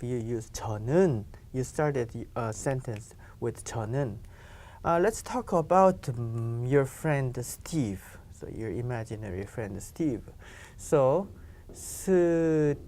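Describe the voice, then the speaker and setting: A woman's voice: extremely low pitch, mellow. A woman teaching a grammar lesson, explaining patiently and often saying "you know". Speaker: Korean language teacher.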